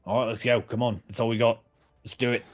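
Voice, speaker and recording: A man's voice: mid-range voice, little pitch movement, quick pace, faint music behind. A man playing a tabletop role-playing game, casual and thinking aloud. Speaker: player.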